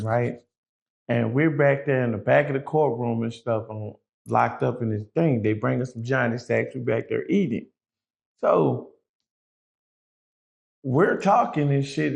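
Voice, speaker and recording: A man telling a story as a podcast guest, animated and swearing freely, acting out what people said. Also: medium pitch, creaky. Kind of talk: casual storytelling.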